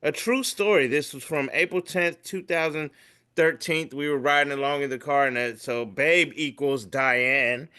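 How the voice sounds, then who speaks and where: A man's voice: fairly high pitch, moderate pace, pushed and bright, clear, resonant tone. A man co-hosting a casual comedy podcast, telling stories animatedly, acting out voices and swearing freely. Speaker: podcast co-host. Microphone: remote call mic.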